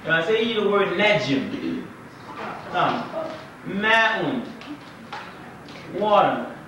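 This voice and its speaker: Imam lecturing a class in an echoey room. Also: male voice, high voice, sing-song, very slow, background noise. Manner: conversational, quizzes the class with questions. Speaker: imam teaching Arabic. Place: mosque classroom. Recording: echoey room, distant mic, dull lo-fi 1990s tape.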